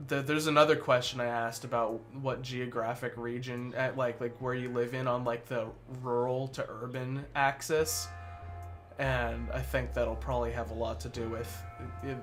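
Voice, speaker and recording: Bright-voiced male host, laughing often. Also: mid-range voice. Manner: laughs often, repeats himself, stammers on restarts. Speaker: podcast host presenting survey results. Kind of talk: casual group discussion.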